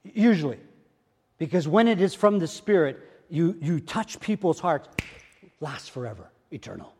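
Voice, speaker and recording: An older man preaching a sermon as pastor, repeating phrases and swinging from hushed murmurs to loud exclamations. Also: on the high side, expressive, normal speed, breathy edge, in a large hall. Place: church.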